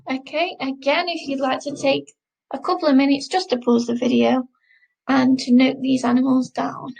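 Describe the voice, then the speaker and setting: A woman teaching a recorded French lesson, modelling words slowly and repeating them for learners to copy. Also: high-pitched, steady tone, vocal fry, darkish tone, rough recording. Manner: slow, careful pronunciation drills, repeating words.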